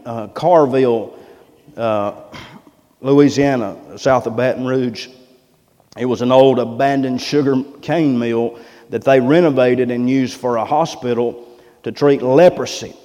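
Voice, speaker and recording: A man's voice: mid-range voice, a little mellow, big-room sound. A middle-aged man, preaching a sermon in a folksy, plain-spoken way. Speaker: pastor.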